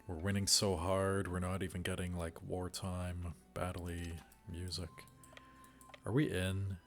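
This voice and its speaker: A man's voice: sits low, little pitch movement, a little slow, soft background music. A man casually commenting on a strategy game as he plays, musing wryly to himself. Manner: musing, wry, talks to himself while playing. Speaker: let's play gamer.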